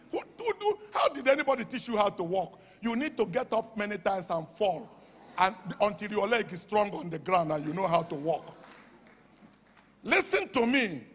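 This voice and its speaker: A man preaching a sermon in Nigerian English. He talks with fervour, shouts at the high points and drops to a hush for quoted asides. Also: very animated, moderate pace, husky. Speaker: pastor. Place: church hall. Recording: long hall reverb.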